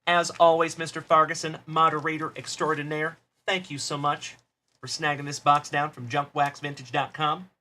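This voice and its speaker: A man's voice: fairly high pitch, flat delivery, moderate pace, bright, forceful tone, a little hiss or hum. A man hosting a card-opening livestream, upbeat and friendly, greeting viewers by name as he goes. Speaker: host of a trading card break livestream. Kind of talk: livestream chat shout-outs.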